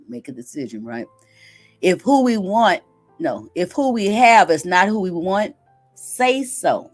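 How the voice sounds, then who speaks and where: A woman's voice: on the low side, very animated, unhurried, faint music behind. A woman hosting a live stream, reading daily affirmations aloud and chatting casually, often asking "right?". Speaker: livestream host.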